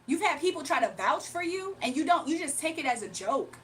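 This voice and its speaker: High-voiced woman scolding a troll. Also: sing-song, fairly quick, slight background noise. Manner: scolding, blunt. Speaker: livestream host. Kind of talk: casual livestream rant.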